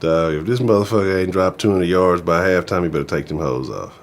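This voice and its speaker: A man hosting a live sports talk stream, ranting in an animated, profane, casual way. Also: fairly low pitch, fast. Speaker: sports talk show host.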